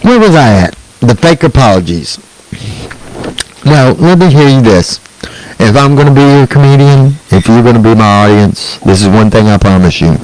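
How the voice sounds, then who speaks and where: A man's voice: mid-range voice, lively intonation, normal speed, a little mellow, slight background noise, low-quality recording. Angry profane man doing stand-up. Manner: angry, sarcastic and profane, with mocking put-on quotes. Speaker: stand-up comedian.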